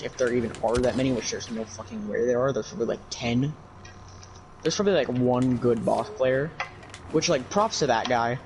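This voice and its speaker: A man's voice: medium pitch, slight background noise, poor audio. A man streaming a video game, ranting about it in profane, frustrated commentary. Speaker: gaming streamer. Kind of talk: casual livestream commentary.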